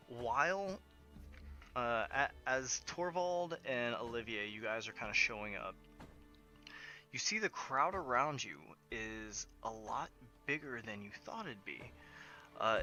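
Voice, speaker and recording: A man's voice: mid-range voice, sharp tone. A man narrating as game master of a tabletop game, thinking aloud with plenty of hesitant fillers.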